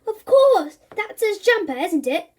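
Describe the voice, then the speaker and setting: Lady doing a cheeky trickster boy, sly and teasing, highish voice. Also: big pitch swings, measured pace, exaggerated voice. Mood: excited. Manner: mocking, sly. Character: cheeky, scheming young boy.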